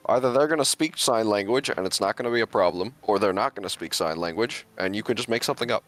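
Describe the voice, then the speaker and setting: A man's voice: lowish voice, quick pace, soft background music. A man playing a tabletop game, casual, joking and asking questions. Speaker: player.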